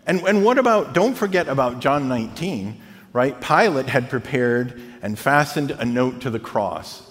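A man preaching a sermon as pastor, animated, often checking in with the congregation by asking "right?". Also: mid-range voice, moderate pace, long reverb tail.

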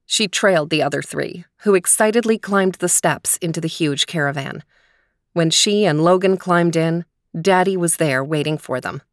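A woman host narrating a children's story in a gentle, expressive voice. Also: fairly low pitch, normal speed, no echo, clean studio sound.

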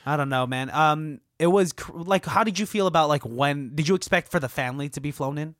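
A man's voice: on the high side, a little fast, a bit bright, dry recording, studio quality. Laid-back man chatting about a movie. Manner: laid-back, swears, acts out lines. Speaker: podcast co-host. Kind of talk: casual movie discussion.

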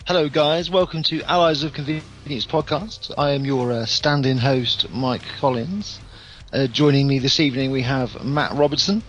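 A man's voice: mid-range voice, fairly even intonation, moderate pace, fairly bright tone. A man standing in as podcast host, teasing his guests in casual chat. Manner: teasing, laughs often. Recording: dull lo-fi sound.

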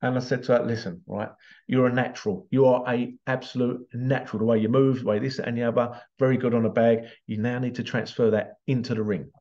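A man's voice: mid-range voice, steady tone, fairly quick, warm tone, highs cut off. A man telling a story as a parent in a casual motivational talk, acting out the voices of the people in it. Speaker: parent giving life advice.

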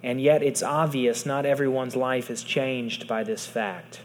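Earnest preacher in a reverberant hall. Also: male voice, medium pitch, unhurried, hardly any pauses. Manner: earnest, drops to soft hushed tones for emphasis. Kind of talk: sermon. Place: large hall with audience.

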